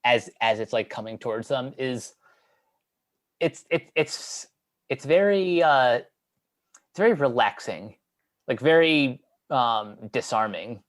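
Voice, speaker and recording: A man's voice: medium pitch, expressive, takes it slowly, long pauses. Stammering man in casual chat. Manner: stammering repeats of words. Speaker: podcast co-host.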